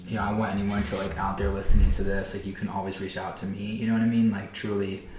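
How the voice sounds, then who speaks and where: A man's voice: on the low side, fast talker, roomy sound, a little hiss or hum, low-quality recording. A young man co-hosting a podcast, chatting in a casual, heartfelt way and filling his talk with "like" and "bro". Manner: animated storytelling, says "like" and "bro" constantly. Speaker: podcast co-host.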